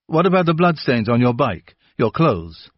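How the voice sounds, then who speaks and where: A man's voice: medium pitch, very animated, moderate pace, husky, no room sound, dull audio, pitched above the performer's own voice. Earnest questioning policeman, voiced by a male reader, plain and direct, dry close sound. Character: earnest middle-aged male police officer.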